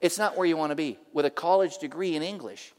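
A middle-aged male pastor delivers a sermon, weaving in animated personal stories. His voice sits notably high for a man. The sound carries the long reverb of a church sanctuary. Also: fast. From San Francisco area, USA. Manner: animated, emphatic storyteller.

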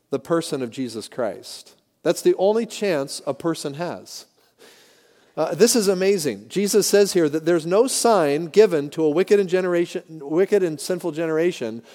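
A man's voice: fairly high pitch, a little mellow, in a large hall. A man preaching a sermon as pastor, emphatic and speaking directly to his congregation.

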